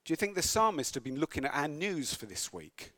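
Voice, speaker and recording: A man's voice: fairly high pitch, very animated, fairly quick, pushed and bright. A man preaching a sermon, reading scripture aloud and breaking into conversational, wry asides and self-corrections.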